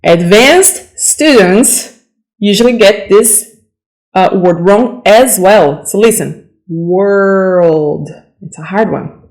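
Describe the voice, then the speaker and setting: A woman whose first language is Portuguese teaches English vocabulary slowly, saying each word twice with careful pronunciation and stopping to correct common mistakes while checking in with "okay?". Her mid-range voice is a little mellow, and the recording is rough.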